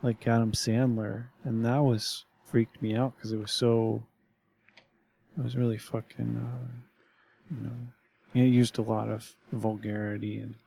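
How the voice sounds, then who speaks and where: A man's voice: medium pitch, flat delivery, a little slow, vocal fry, mellow, husky. A man telling a story in casual podcast chat, rambling and restarting often with lots of fillers.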